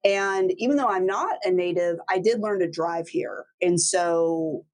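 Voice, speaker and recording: A middle-aged woman who grew up in Texas, telling lively stories in a casual chat and mimicking other people with big jumps in pitch. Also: a little slow, low-quality recording. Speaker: law firm owner, host.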